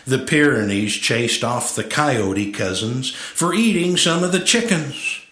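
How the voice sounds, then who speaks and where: Male cowboy-poetry reciter, slow and animated, roomy recording. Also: mid-range voice. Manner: storytelling with playful put-on accents.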